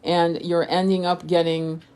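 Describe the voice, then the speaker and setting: A French-born woman, a tarot reader and spiritual coach, reads comments on a casual live stream, rambling, swearing freely, laughing often and restarting a lot. Her voice is fairly low, a little slow and darkish, with a flat delivery and a clear, resonant tone.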